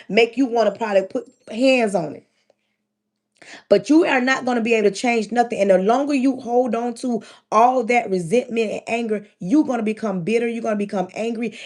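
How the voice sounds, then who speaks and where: A woman's voice: on the high side, a little mellow. Emphatic woman preaching on a livestream. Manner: repetitive, emphatic, speaks in direct address. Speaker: livestream host giving spiritual advice. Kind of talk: preaching-style livestream talk.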